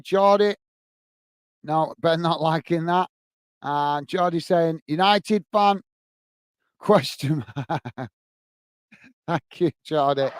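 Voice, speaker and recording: A man hosting a football watch-along stream, with a fairly high, smooth and clear voice. He chats casually with viewers, reads out their comments and gets easily frustrated. The sound is dry and close, with no room echo. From England. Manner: chatty, easily frustrated, thanks viewers by name. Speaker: football channel host. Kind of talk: live match watch-along, reading out chat.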